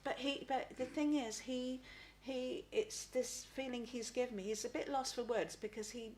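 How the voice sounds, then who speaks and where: A middle-aged woman giving a live spirit reading as a psychic medium. She talks haltingly, repeats words and often asks "please?". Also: a little high, fairly even intonation, a little mellow, slight background noise.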